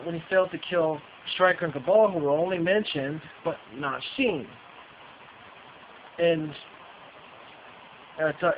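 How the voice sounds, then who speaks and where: High-pitched guy ranting and cussing, keeps repeating himself, dull lo-fi sound with faint hiss. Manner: profane, repetitive, restarts sentences. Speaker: movie reviewer. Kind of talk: casual ranting review.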